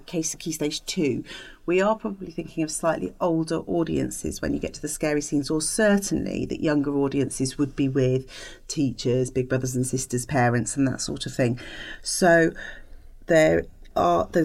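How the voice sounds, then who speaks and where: Woman, low voice, podcast co-host, thoughtful, hesitant, lots of fillers. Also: vocal fry, darkish tone. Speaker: podcast co-host discussing film ratings. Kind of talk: casual podcast discussion.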